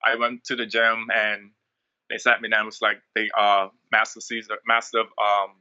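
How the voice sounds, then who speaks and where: A young man from the Bahamas talks loosely through his fight story, full of fillers. His voice sits a bit low yet comes out very bright and sharp. The recording is dull and lo-fi. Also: normal speed, smooth. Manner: relaxed, rambling, many ums and likes. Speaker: MMA fighter, interview guest. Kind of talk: casual interview storytelling.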